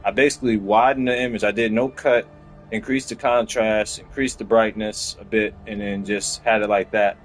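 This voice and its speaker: A man's voice: lowish voice, level tone, moderate pace, soft background music, poor audio. Young man ranting on a podcast. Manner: heated, profane storytelling that climbs into loud outbursts. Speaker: podcast host. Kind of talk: casual chat.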